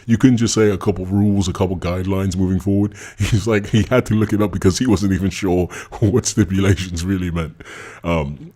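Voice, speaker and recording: A man's voice: low-pitched, fairly even intonation, a little fast, warm tone. A man streaming, reading out messages and mocking them with scorn. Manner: mocking, scornful, laughs at what he reads. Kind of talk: ranting commentary reading messages aloud.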